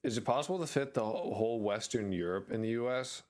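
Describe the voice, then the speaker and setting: A man's voice: fairly low pitch, fast talker, darkish tone. An American man chatting on a live stream, rambling and jokey, with crude language. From United States. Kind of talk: casual live-stream chat.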